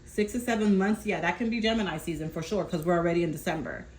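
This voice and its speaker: A woman doing a casual tarot reading, calmly relaying messages from spirit and often checking in with her listener. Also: fairly low pitch, quick pace, a little hiss or hum, rough recording. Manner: reassuring, keeps checking in with "okay?". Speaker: tarot reader.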